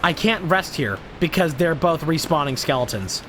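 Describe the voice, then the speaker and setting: A man streams a video game and rants at the enemies in his way, cursing constantly and sounding fed up. His pitch sits a little high and swings widely as he vents. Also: lively intonation, moderate pace, fairly bright tone, slight background noise. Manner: profane, exasperated, ranting at enemies. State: frustrated. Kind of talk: live gameplay commentary.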